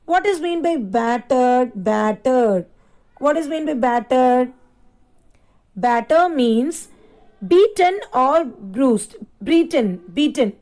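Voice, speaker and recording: A woman teacher talks slowly and patiently, spelling each word letter by letter and repeating it several times. Her voice sits high for a woman. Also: a little mellow, rough recording. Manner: slow, repeats and spells words aloud. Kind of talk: classroom lesson.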